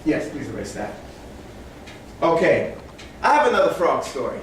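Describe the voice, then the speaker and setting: A fairly high-voiced man delivers a motivational talk to a small audience, bringing animal fables to life in character voices. He sits back from the microphone in a very echoey room. A faint hum of ambience runs under him. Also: normal speed. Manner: animated storyteller, acts out animals with big voices. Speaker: motivational speaker. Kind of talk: motivational talk to a live group. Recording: echoey room, speaker far from mic.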